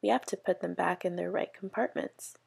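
A woman's voice: on the low side, fairly even intonation, brisk, vocal fry, darkish tone, husky, full character voice. Woman reading as an eager young girl.

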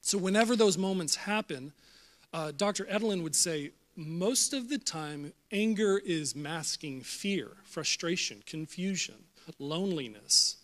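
A young man delivers a sermon with a high, bright voice. He is jokey and animated, and he turns loud and fired up when he gets going. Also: unhurried. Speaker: pastor. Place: church auditorium.

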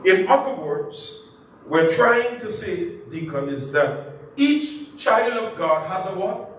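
A pastor leading a Bible study, lively and joking, asking the congregation to finish his phrases. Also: high-pitched, slow pace. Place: church. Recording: echoey church room, far from mic, faint hiss.

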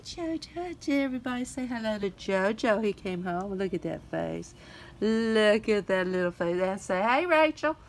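A woman's voice: on the high side, a little hiss or hum, rough recording. A woman, vlogging outdoors and cooing at her cats in baby talk. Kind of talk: casual pet vlog. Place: outdoors by a house.

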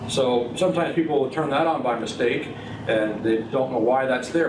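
Man teaching in an echoey room. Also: mid-range voice. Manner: relaxed, halting, many fillers and restarts. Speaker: software instructor. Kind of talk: recorded workshop tutorial. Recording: roomy, distant, noisy workshop recording.

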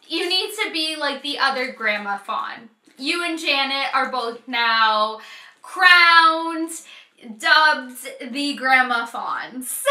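A woman in her thirties talks high and bright, gushing with emotion and breaking into laughs between exclamations. She speaks at an unhurried pace as she vlogs at home. Her voice rings a little in the room. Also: reverberant. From United States. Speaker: beauty vlogger. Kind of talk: casual unboxing vlog.

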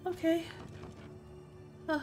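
A woman's voice: extremely slow, darkish tone, soft background music. A woman giving casual let's-play commentary, talking to herself and letting out frightened yelps.

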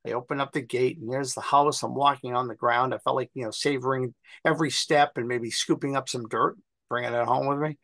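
An American man on a panel, telling family stories in a casual, animated way and acting out the voices of people he quotes. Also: mid-range voice, brisk, dry recording. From United States. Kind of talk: casual storytelling.

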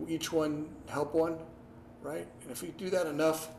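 A man talks to a class over a video call, lively and repetitive, acting out what went through his head. His voice sits a bit high for a man. The room echoes, with a faint hiss behind him. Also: a little slow, creaky. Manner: animated, repeats himself, acts out his own past thoughts. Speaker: guest speaker. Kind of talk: casual advice talk on a video call.

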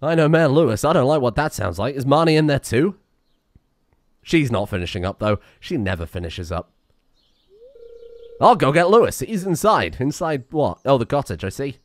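A man's voice: mid-range voice, lively intonation, fairly quick, a little mellow, no room sound. Sarcastic young man streamer. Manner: sarcastic, joking. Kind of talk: let's-play commentary.

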